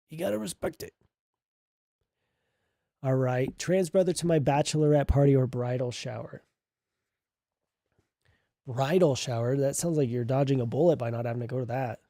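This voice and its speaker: Male streamer, slightly higher pitch, mellow tone, dry close sound; reads posts aloud with sarcastic, laughing asides. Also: no echo. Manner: sarcastic, laughs often, swears. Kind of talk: reading posts aloud and reacting.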